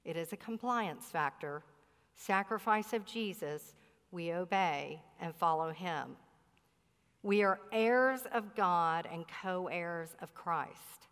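A woman's voice: lowish voice, takes it slowly, fairly bright tone, smooth. A woman pastor preaching a sermon in a church, earnest and emphatic, stretching out key words. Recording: long reverb of a hall.

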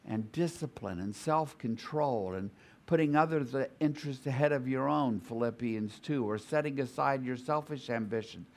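A man leading a group Bible study, explaining scripture in a thoughtful way and often restarting his phrases as he works through an idea. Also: mid-range voice. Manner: thoughtful, repeats and restarts phrases while reasoning aloud.

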